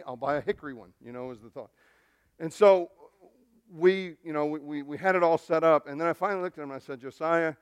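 A man's voice: mid-range voice, clean tone, no echo, studio quality. A middle-aged male pastor preaching a sermon, telling a family story in an earnest, storytelling way with frequent restarts.

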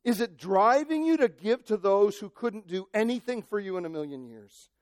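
A male pastor preaching a sermon, impassioned, moving from shouted cries to near-quiet asides. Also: sits high, lively intonation, moderate pace, no room sound, clean studio sound.

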